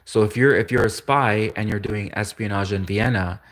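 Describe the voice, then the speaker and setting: Rambling man, low-pitched. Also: fairly even intonation, moderate pace, fairly bright tone. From Canada. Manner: chuckles often, stumbles and restarts. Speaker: livestream host. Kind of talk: rambling casual monologue.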